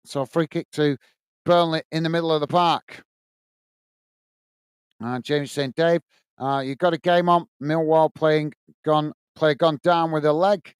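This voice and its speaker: A man's voice: fairly high pitch, steady tone, a little slow, long pauses, clear, resonant tone, dry recording. A man with a Lancashire accent hosting a live football watch-along, giving running play-by-play and reading viewer comments aloud in a friendly, matey way. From England.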